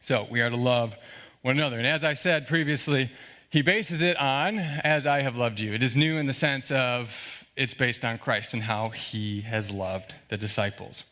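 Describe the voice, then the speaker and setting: A man's voice: mid-range voice, moderate pace, bright, forceful tone. A man preaching a sermon in an earnest, conversational way, often checking in with the congregation with asides like "okay?" and "all right?". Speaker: pastor.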